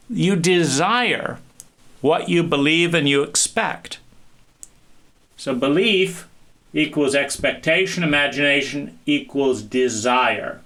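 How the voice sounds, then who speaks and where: A man giving an animated talk, acting out small scenes and restarting phrases often. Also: medium pitch, a little slow. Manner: animated, acts out little scenes with many restarts. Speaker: speaker. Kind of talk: lecture.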